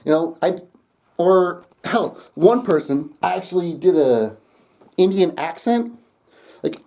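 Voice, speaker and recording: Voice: mid-range voice, slow pace, long pauses, mellow. A young adult vlogger telling a rambling story straight to camera, laughing often and swearing casually.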